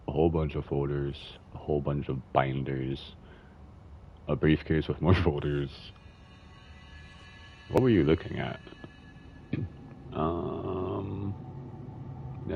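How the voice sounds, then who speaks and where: A man's voice: very deep voice, steady tone, takes it slowly, gravelly, pauses often. A man streaming a video game, chatting casually, swearing and humming as he reads game text aloud. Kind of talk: casual gameplay commentary. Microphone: headphones and desk mic. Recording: slightly muffled stream audio with faint hiss.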